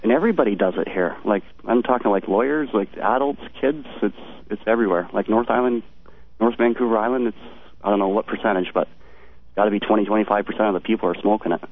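Canadian dude calling in, rambly, husky voice over a tinny phone line. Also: male voice, fairly low pitch, quick pace. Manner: rambling, casual. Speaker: caller. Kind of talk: phone-in call.

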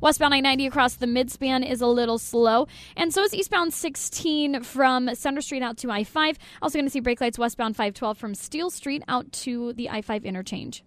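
High-voiced woman reading traffic. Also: no echo. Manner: brisk, scripted. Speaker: traffic reporter. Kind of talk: radio traffic report.

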